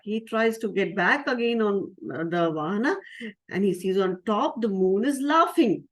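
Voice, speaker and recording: A woman who is a spiritual teacher, telling a story to children in a lively way and asking them questions. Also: medium pitch, moderate pace. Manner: lively, asks the audience questions.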